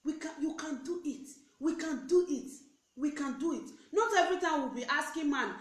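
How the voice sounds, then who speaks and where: A woman's voice: high-pitched, moderate pace. Preachy Nigerian woman, echoey room. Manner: animated, preachy, mixes pidgin with English. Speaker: network marketing recruiter. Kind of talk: motivational live video rant.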